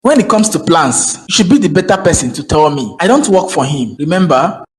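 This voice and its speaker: A man's voice: a little high, animated, fairly quick, a little hiss or hum, close to an everyday voice, rough recording. A man voicing a concerned young friend in a cartoon, asking probing questions. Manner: probing, earnest.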